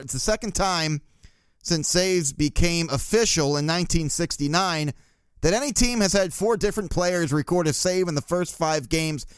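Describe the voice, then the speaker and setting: A man rants bluntly through a casual solo sports podcast, swearing freely and laughing at his own jabs. His voice sits a little high for a man and comes across smooth and resonant. The sound is close and dry, with no room around it. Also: no room sound. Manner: blunt, crude ranting with laughs. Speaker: podcast host.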